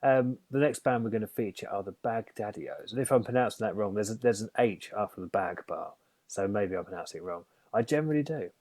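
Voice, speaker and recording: A man's voice: lowish voice, a little fast, darkish tone, no room sound. A man presenting a local radio music show in a chatty, self-deprecating way.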